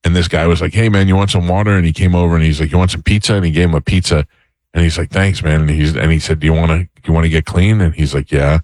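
A man hosting a radio talk show, telling stories quickly and acting out the people in them. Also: low-pitched, fairly even intonation, darkish tone, no room sound. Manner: quick, storytelling with acted quotes. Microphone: studio mic.

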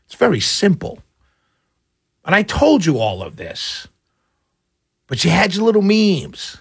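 A man's voice: high-pitched, wildly swooping pitch, measured pace, creaky, long pauses, breathy edge, no room sound, clean studio sound. A man hosting a talk radio show, delivering an emphatic political monologue that repeats points and lectures his listeners.

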